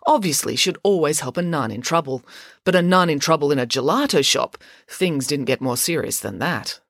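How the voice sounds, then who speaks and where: Expressive woman reading a storybook. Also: low-pitched, no echo, clean studio sound. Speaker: audiobook narrator. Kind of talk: scripted storybook narration.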